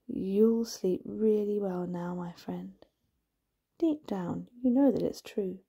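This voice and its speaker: A woman voicing a sleepy, comforting male mole in a bedtime story, speaking softly and slowly in a hushed voice. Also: fairly high pitch, husky, full character voice. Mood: sleepy, soothing. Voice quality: soft, hushed and slow.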